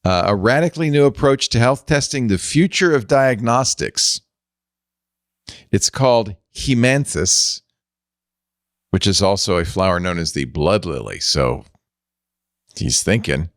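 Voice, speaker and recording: A man's voice: fairly low pitch, expressive, a little slow, pauses often, no room sound, clean studio sound. A man hosting a casual tech panel chat, wry and chatty with loose fillers. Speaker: host.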